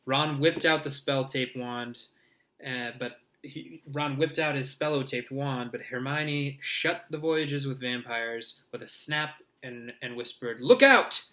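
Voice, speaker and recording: A man's voice: mid-range voice, steady tone, takes it slowly, pushed and bright. A man reading a novel aloud in an easygoing, unpolished way. He trips over words, backs up to fix them and drops in little comments of his own. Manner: informal, with slips, restarts and asides. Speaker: reader.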